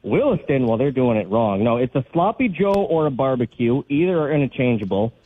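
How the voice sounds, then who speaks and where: A man's voice: medium pitch, very animated, a little fast, breathy edge. A man calling in to a radio talk show, joking in a wry way. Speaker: caller. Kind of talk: call-in radio chat. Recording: tinny phone line.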